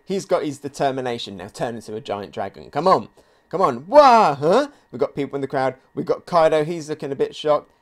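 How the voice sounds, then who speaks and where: A man hosting a live comic reaction video, reading pages aloud and thinking out loud with excitement. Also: mid-range voice. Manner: excitable, thinks aloud, reads quotes along. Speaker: manga reaction video host.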